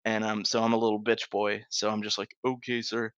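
A man's voice: on the low side, completely flat delivery, fast, a bit bright, smooth, no room sound. A man co-hosting a podcast, casually telling a profane school story and laughing through it. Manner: laid-back, profane, laughs through his stories. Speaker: podcast co-host. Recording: dry, slightly dull sound.

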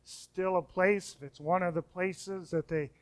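A man preaching a sermon as pastor, emphatic, with repeated words and sudden soft hushed endings. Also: sits high, fairly even intonation, moderate pace. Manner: emphatic preaching, drops to soft hush on key phrases; repeats words and restarts when speeding up.

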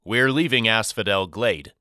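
A man voicing a loving, soft-spoken father talking to his two sons in an audiobook. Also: fairly low pitch, unhurried, dry recording, clean studio sound. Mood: tender. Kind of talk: audiobook character reading.

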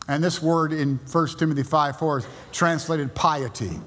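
Southern preacher in a reverberant church. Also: male voice, measured pace, hardly any pauses. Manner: emphatic preaching, rising to loud high bursts. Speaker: pastor. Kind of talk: sermon. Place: church sanctuary.

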